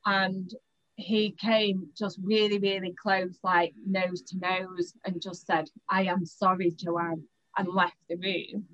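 A young woman tells her own story to an interviewer in a mid-pitched voice. She talks in halting bursts, restarting sentences and repeating words as she gathers her thoughts. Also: level tone, fairly bright tone, highs cut off. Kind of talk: personal account in an interview.

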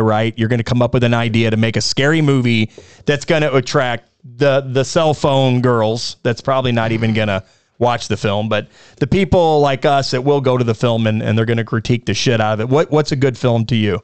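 A man's voice: medium pitch, smooth, no room sound. A man hosting a casual podcast chat, asking questions and teasing his co-hosts with casual swearing. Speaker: podcast host.

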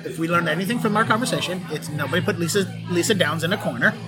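A man's voice: a little high, very fast, over loud music, low-quality recording. A man hosting a podcast interview, jokey, rambling and self-deprecating. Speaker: podcast host. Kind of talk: casual interview chat.

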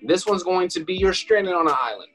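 A man's voice: sits high, lively intonation, a little fast, a bit bright, soft background music. Laid-back young man hosting a podcast. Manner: laid-back, laughing, introduces segments. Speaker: podcast co-host. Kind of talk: casual chat.

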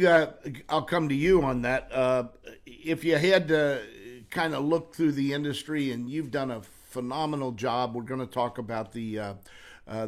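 An older man hosting an interview, telling lively anecdotes, laughing often and acting out quoted lines. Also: mid-range voice. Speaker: interview host.

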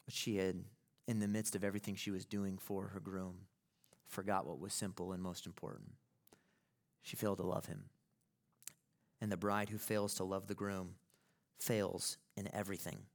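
A man's voice: deep voice, flat delivery, normal speed, long pauses. A male pastor preaching a sermon in an emphatic way, building to impassioned peaks.

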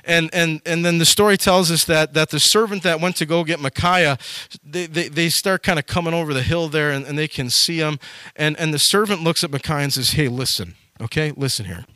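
A male preacher retells a scripture story in a casual, slangy sermon. His voice is forceful and sits a bit high. The sound is dry and close. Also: fairly even intonation, fairly quick, dry recording.

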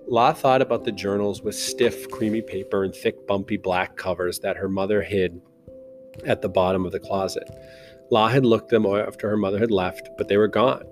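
A man reads a novel aloud as a narrator, in a slow, measured style. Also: lowish voice, steady tone. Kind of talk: audiobook narration. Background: soft guitar music.

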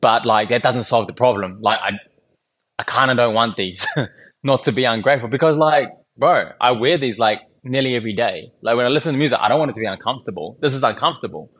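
Speaking quickly in a medium-pitched, fairly bright voice, a young man tells a rambling story on his own podcast from a small home studio. He keeps it loose and candid, cursing often and laughing as he goes.

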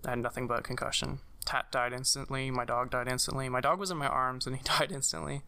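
A young man telling a personal story in casual conversation, halting, with many fillers and restarts. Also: medium pitch, steady tone, vocal fry, sharp tone, clear, resonant tone. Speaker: guest sharing a personal story.

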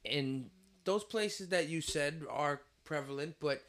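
Bright-voiced storytelling man. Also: a little high, takes it slowly. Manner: laid-back storyteller, laughs easily. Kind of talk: casual chat.

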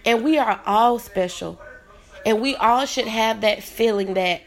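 A woman's voice: a little high, a little slow. A woman in her thirties hosting her own podcast, talking earnestly and from the heart to encourage her listeners. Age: 30s. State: tearful at times. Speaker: podcast host. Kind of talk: motivational solo podcast talk.

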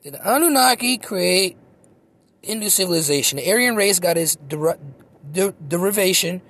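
A man's voice: high-pitched, expressive, normal speed, fairly bright tone. A man, a comedian, talking in a rambling, profane, self-mocking monologue, recorded on a phone outdoors in a park.

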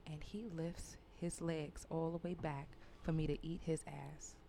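A woman's voice: sits low, level tone, measured pace, creaky, mellow, a little hiss or hum. A woman hosting a podcast, chatting casually and telling candid, profane stories. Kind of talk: casual chat.

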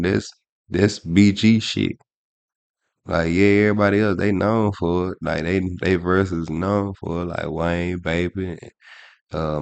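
A man talks in a very deep, gravelly voice, spinning a loose and profane story. His delivery is casual and full of restarts. The sound is dry and close. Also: dry recording. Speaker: podcast co-host. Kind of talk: casual chat.

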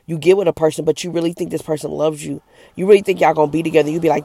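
A woman's voice: low-pitched, rapid-fire, gravelly, mellow, no echo. A middle-aged woman who is an evangelist, giving an earnest, emphatic personal testimony straight to camera.

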